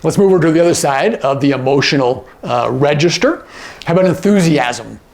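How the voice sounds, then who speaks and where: Brisk and animated, this man's voice sits on the high side as he casually demonstrates sign language, asking "okay?" again and again. There's slight background noise.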